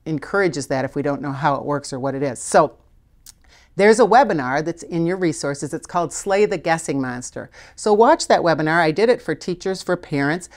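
A woman's voice: sits low, expressive, brisk. Friendly woman teaching a spelling lesson. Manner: encouraging, conversational teaching with frequent check-ins. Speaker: literacy teacher. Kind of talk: instructional video lesson.

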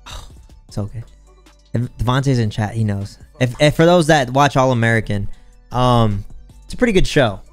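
A man's voice: medium pitch, lively intonation, moderate pace, long pauses, soft background music. A young man chatting casually on a live stream, laid-back and rambling, with lots of "like" and trailing thoughts.

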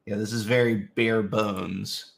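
A man hosting a live autograph signing, chatting casually and greeting viewers by name, slightly sick so his voice sits a little deeper than usual. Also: little pitch movement, slow, creaky. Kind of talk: casual livestream chat.

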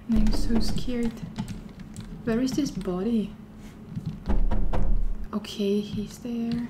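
Speaking in drawn-out words with a level tone and a mid-range voice, this woman pauses often as she plays a horror game on stream. She sounds scared, repeating herself and slipping into whispers, while loud game music and background noise fill the recording.

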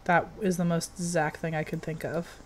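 A young woman giving casual commentary while playing a game, chatty and given to sudden excited outbursts. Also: on the low side, normal speed. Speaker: game streamer.

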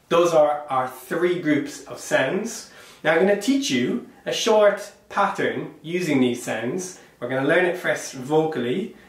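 A man leading an online percussion workshop. He speaks encouragingly, wears a small clip-on mic, and chants rhythm syllables aloud to demonstrate. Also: mid-range voice. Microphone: small clip-on microphone. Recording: very echoey room, voice sounds distant.

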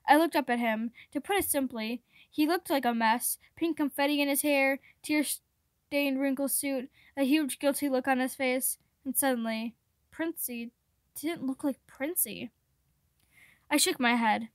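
A woman reading a fan fiction chapter aloud, steady with occasional stumbles over words. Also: sits high, normal speed, no room sound, clean studio sound. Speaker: reader.

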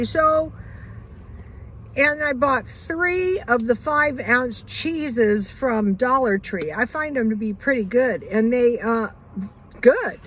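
A woman's voice: high voice, a bit bright, a little hiss or hum, low-quality recording. An older woman vlogger chatting casually about living on a budget, rambling with lots of fillers.

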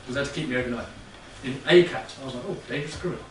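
A man's voice: medium pitch, very fast. A man speaking to a live audience in a chatty, rambling way, often checking in with "yeah?". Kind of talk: casual talk to a live audience. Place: room with an audience. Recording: echoey room, distant mic, faint noise.

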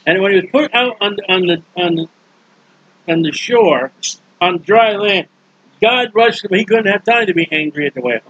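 A man preaching in a casual Bible teaching style, folksy and joking, acting out characters in quick asides. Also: sits high, animated, a bit bright, husky, highs cut off.

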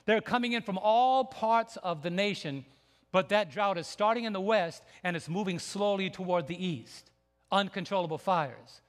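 A man preaching a sermon as pastor, emphatic and building to near shouts. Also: high-pitched, normal speed. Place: church sanctuary. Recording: long church hall reverb.

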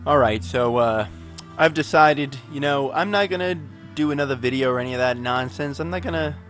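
A man's voice: medium pitch, brisk, a bit bright, faint music behind. A man giving casual gameplay commentary, frustrated and profane, rambling while a bit tipsy. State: tipsy from drinking. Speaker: let's play gamer.

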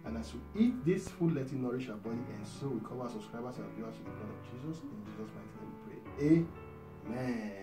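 A man with a Nigerian English accent hosting a food vlog, calling out cheerful sing-song greetings and rushing through a prayer. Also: medium pitch, expressive, roomy sound, over loud music. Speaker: vlog co-host. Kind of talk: mukbang vlog chat.

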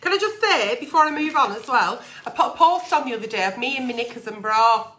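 A woman gives agony-aunt advice with a forceful, bright edge to her voice. She talks in a blunt, sweary, animated way. Her pitch sits a little high. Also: fast. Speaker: agony aunt answering letters. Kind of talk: candid advice vlog.

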